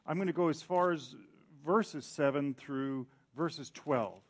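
A middle-aged male pastor preaching a sermon in an animated way, acting out quoted voices. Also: a little high, slow pace.

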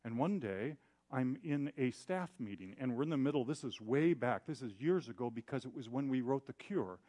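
A man's voice: medium pitch, normal speed. Man telling a candid story to a congregation. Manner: animated storyteller acting out quotes; candid, self-deprecating. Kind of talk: sermon storytelling.

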